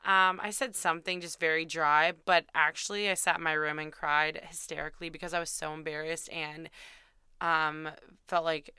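A woman's voice: low voice, level tone, moderate pace, sharp tone, clean tone, no room sound, clean studio sound. A young woman host telling a candid, self-deprecating dating story in a chatty way, swearing freely. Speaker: podcast host.

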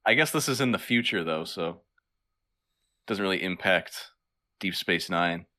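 A man's voice: low voice, lively intonation, normal speed, pushed and bright. A man co-hosting a casual comedy podcast, quizzing his partner and laughing easily. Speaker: podcast co-host.

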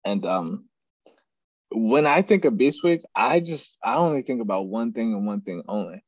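A man's voice: on the low side, normal speed, no echo. A man talks casually on his podcast, and his voice rises and falls a great deal as he tells stories. He laughs often along the way. The sound is dry and a bit dull, as if from a lo-fi mic. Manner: animated storyteller, laughs often. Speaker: podcast host. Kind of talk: casual chat.

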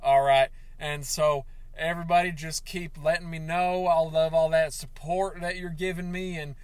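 A man hosting a comedic podcast in a crude, rambling, self-pitying way, breaking into yelled outbursts. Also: on the high side, steady tone, normal speed, smooth, dry recording. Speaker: podcast host.

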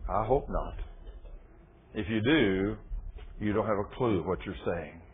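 A man preaching a sermon, telling stories dramatically and swinging from loud exclamations to hushed, low lines. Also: a little slow, slight background noise. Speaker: pastor. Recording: tinny phone-like sound.

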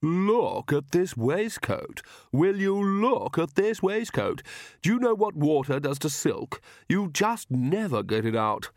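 A man voicing a polite, dandyish young male vampire who speaks smoothly with light mockery, in a read-aloud fantasy story. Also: fairly high pitch, big pitch swings, takes it slowly, no room sound, studio quality, pitched above the performer's own voice, heavily acted. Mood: mocking, fussy.

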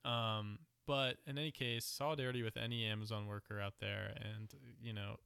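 A man's voice: fairly low pitch, flat delivery, a little fast, gravelly, bright, forceful tone, smooth, no room sound, studio quality. A young man co-hosting a podcast, talking in a sardonic, joking way with plenty of swearing. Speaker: podcast co-host. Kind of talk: casual political chat.

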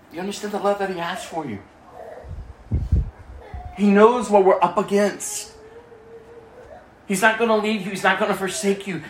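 A man preaching a sermon, swinging between hushed near-whispers and loud bursts and addressing listeners by name. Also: high-pitched, reverberant, a little hiss or hum, poor audio. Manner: talks straight to listeners by name.

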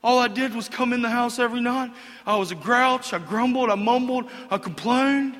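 Preacher doing a sulky dumped husband, brought up in sermon, high and complaining. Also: male voice, normal speed, a bit bright, big-room sound. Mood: bewildered. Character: grumbling abandoned husband, adult man, sulky and confused.

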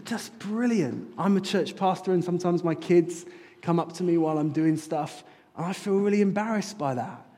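A man preaching from the front of a church, his voice sitting a little high. He talks earnestly and climbs into fervent appeals. His words ring out with a long reverb tail through the hall. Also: moderate pace, few pauses, mellow. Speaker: pastor. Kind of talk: sermon. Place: church sanctuary.

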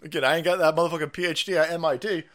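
A man's voice: fairly high pitch, racing. A man hosting a stream, ranting with profane, mocking sarcasm. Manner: foul-mouthed, mocking, sarcastic, animated. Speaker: streamer host.

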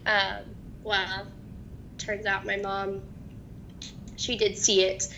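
Woman, young adult, halting interview testimony, gravelly edge, faint low rumble. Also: monotone, bright, forceful tone, poor audio. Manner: halting, hesitant, many restarts. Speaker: guest.

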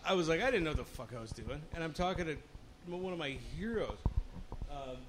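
A man's voice: on the high side, expressive, fairly quick, a bit bright, slight background noise, poor audio. Swearing, rambling man with a raised voice. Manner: rambling storyteller, swears freely. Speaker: podcast co-host. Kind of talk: casual chat.

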